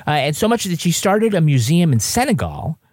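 A podcast co-host who rattles off actor trivia with jokes mixed in, her pitch swinging widely. Her voice is close and dry. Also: very animated, a little fast, a little mellow, dry recording. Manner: jokey, trivia-reciting. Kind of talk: casual TV recap chat.

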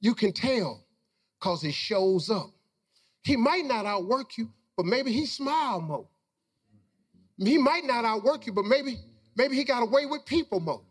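A man's voice: extremely high pitch, lively intonation, unhurried, big-room sound. A middle-aged man telling a personal story to a live audience, in a folksy, preacher-like manner with loose vernacular grammar. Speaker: motivational speaker.

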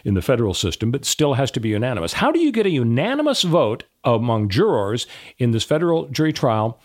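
A man's voice: mid-range voice, sing-song, quick pace, darkish tone. A middle-aged man hosting a casual political talk show, full of sarcastic mock-surprised asides. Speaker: podcast host.

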